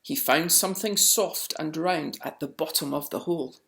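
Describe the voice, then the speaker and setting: A woman reading a picture book aloud, slowly and expressively. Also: low voice, creaky. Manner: slow and expressive. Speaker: storyteller. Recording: roomy echo.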